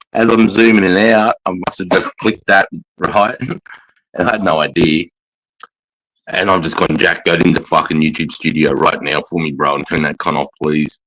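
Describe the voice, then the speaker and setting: A man's voice: on the low side, fairly bright tone, no echo, low-quality recording. A man with an Australian accent, hosting a livestream and telling stories in casual, profanity-heavy chat. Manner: profane, storytelling, quotes mates' lines. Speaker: livestream host.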